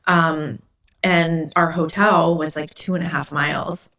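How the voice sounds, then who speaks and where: Here the Indiana podcast host speaks a little slowly in a low, fairly bright voice with fairly even intonation. She chats casually through her stories, peppering them with "like."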